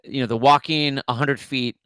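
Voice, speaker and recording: A man's voice: medium pitch, fairly even intonation, normal speed, fairly bright tone, smooth, no room sound. A middle-aged man co-hosting a podcast, rambling through an old memory in casual chat with frequent restarts. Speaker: podcast co-host.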